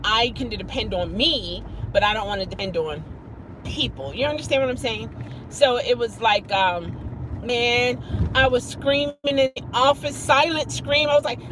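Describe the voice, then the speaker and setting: At a moderate pace and over a noisy background, a middle-aged woman chats casually on a live stream, greeting viewers by name while she tells her story. She's expressive, her voice jumping high whenever she emphasizes something.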